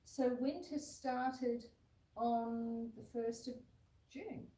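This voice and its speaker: A woman with a slightly high, warm voice talks very slowly with fairly even intonation as she hosts a homestead livestream from home. A puppy rests on her lap while she chats, reads comments from viewers and coos at it. Her phone camera is set far back, so the recording sounds roomy and distant.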